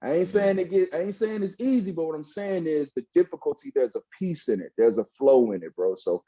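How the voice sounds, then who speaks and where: A man's voice: a little high, lively intonation, brisk, mellow, breathy edge, muffled recording. A man in his thirties, a former pastor, telling his faith story in a casual, preachy way and often saying "bro". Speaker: guest, former pastor turned hip hop artist. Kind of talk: casual testimony in a podcast interview.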